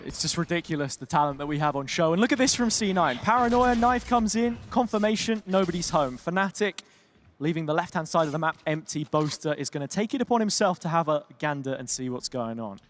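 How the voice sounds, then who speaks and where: A man doing fast play-by-play commentary on an esports match, his voice climbing on big plays. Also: fairly high pitch, expressive, slight background noise. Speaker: esports caster.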